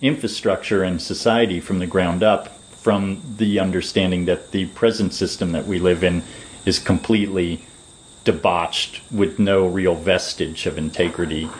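A man giving long, measured, lecturing answers as a permaculture designer in an interview. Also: sits low, fairly even intonation, a little hiss or hum, poor audio.

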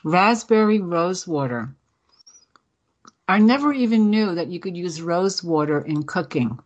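Chatty woman radio host, husky voice. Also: on the low side, lively intonation, moderate pace, highs cut off. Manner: chatty, laughs often, talks with mouth full. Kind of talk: casual food-tasting chat.

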